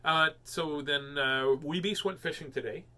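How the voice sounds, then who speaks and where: On his home reading show for children's books, a man chats loosely, cracking jokes and using many fillers as he rambles. He talks a little slowly, in a voice on the high side that comes across pushed and bright.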